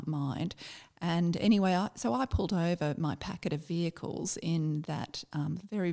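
A middle-aged Australian woman, a former army officer, telling a personal story in a reflective, halting way with many fillers. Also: low-pitched, gravelly, dark tone.

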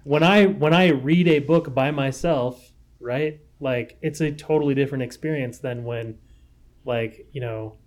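A man's voice: medium pitch, measured pace. A man with a mid-range voice in easygoing podcast conversation. He pushes back emphatically, often repeating his words for effect. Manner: emphatic, repeats himself, mock-dramatic. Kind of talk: casual chat.

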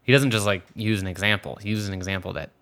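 A man's voice: fairly low pitch, quick pace, a bit bright. A man from the Philadelphia area chatting casually about a film as a podcast co-host, rambling with frequent restarts. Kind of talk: casual movie discussion.

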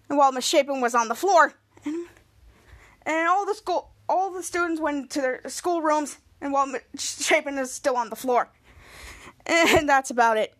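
High-voiced woman recapping a show. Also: a bit bright. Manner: retells scenes with frequent restarts and quoted lines. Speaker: podcast host. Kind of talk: casual episode recap.

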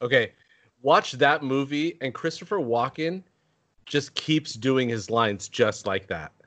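A man's voice: medium pitch, a little slow, fairly bright tone. A man co-hosting a podcast, chatting casually and enthusiastically. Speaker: podcast co-host. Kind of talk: casual chat.

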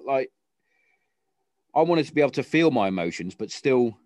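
A man's voice: medium pitch, sing-song, normal speed, a little mellow, no echo. A British man hosting a casual podcast chat, talking in a sweary, rambling way with frequent restarts. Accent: British English. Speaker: podcast host.

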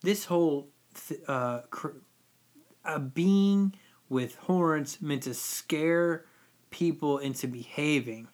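A man's voice: a little high, takes it slowly, a little mellow. A man co-hosting a casual podcast chat, dropping wry, sarcastic asides between explanations. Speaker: podcast co-host.

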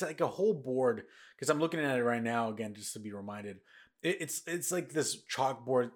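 A man hosting a casual podcast, talking in a rambling way with lots of restarts and repeats, tired and yawning. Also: medium pitch. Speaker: podcast host. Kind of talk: casual news chat.

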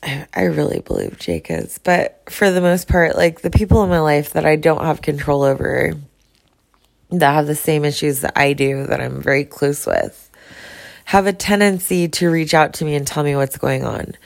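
A woman's voice: low voice, animated, moderate pace, creaky. A woman talking bluntly and outspokenly in a casual personal monologue, swearing freely. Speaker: vlogger.

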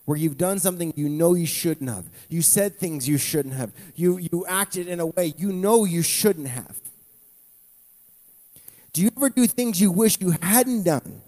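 A man's voice: high voice, lively intonation, unhurried, a little mellow. A male pastor preaching a conversational sermon with asides to the congregation. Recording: long reverb from a church hall.

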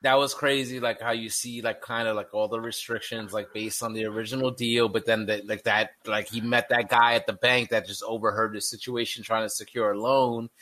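Laid-back, slangy podcast co-host. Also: male voice, on the low side, flat delivery, fairly quick, hardly any pauses, bright, forceful tone. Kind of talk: casual podcast chat.

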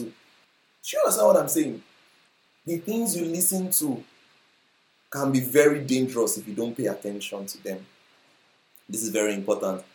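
Emphatic Nigerian preacher in an echoing hall. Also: mid-range voice. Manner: emphatic, repeats phrases, asks the crowd rhetorical questions. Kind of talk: live sermon. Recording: roomy hall echo.

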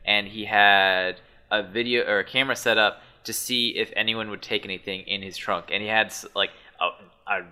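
A man's voice: lowish voice, bright, forceful tone, clear, resonant tone. A man co-hosting a casual podcast chat, telling a story in a rambling, sarcastic way with many restarts. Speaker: podcast co-host.

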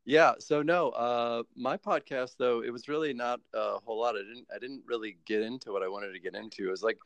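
An American man chatting as a podcast guest, animated and laughing often, with lots of fillers and restarts. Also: mid-range voice, brisk, creaky, no room sound. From United States. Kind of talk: casual chat.

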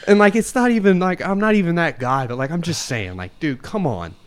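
A man's voice: a little high, lively intonation, brisk. A young adult man hosting a podcast in casual chat, loose and slangy, calling everyone dude and bro. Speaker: podcast host.

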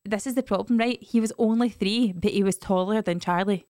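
Scottish woman, podcast co-host, animated storyteller, smooth voice. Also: medium pitch, fairly quick, no room sound, studio quality. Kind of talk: casual chat.

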